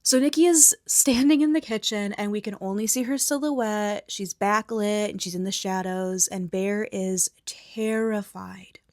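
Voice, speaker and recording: Woman, whispered movie recap, soft unvoiced whisper, blunt, opinionated, dry close sound. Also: medium pitch, fairly even intonation, measured pace, few pauses, dry recording. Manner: blunt, opinionated, swears freely; soft unvoiced whisper mixed with quiet speech.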